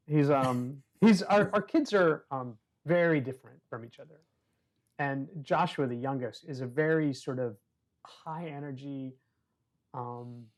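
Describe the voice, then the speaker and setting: A man with a medium-pitched, darkish voice guests on a conversation podcast, telling long personal stories. He talks loosely, with lots of "you know" and restarts, acts out the voices of people in his stories, and adds dry, self-mocking humor.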